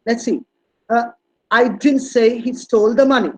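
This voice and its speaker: A man's voice: extremely high pitch, moderate pace, rough recording. A man giving an online teacher-training talk, hesitant with many fillers and restarts, and leaning hard on stressed words when he demonstrates them. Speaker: guest speaker on language teaching.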